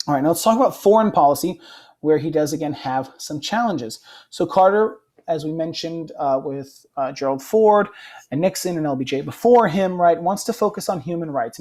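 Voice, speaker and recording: Casual lecturing man, slightly high voice. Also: a little mellow. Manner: casual, frequent "right?" check-ins and fillers. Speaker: history teacher. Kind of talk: recorded classroom lecture.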